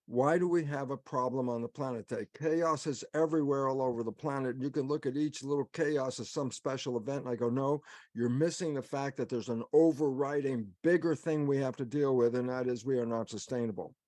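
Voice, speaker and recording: A man's voice: mid-range voice, a little fast, a little mellow, dry recording. A man lecturing on a webinar, emphatic, posing his own questions and then answering them. His voice sits in a middle register. The sound is dry and close, with no room around it. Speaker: guest speaker.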